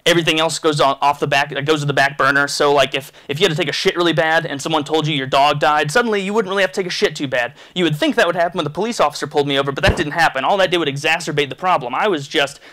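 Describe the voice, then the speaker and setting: A man telling a story for his vlog at a rapid clip, with a fairly high, bright and forceful voice. He rambles through it with crude humor and animated energy. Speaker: vlogger.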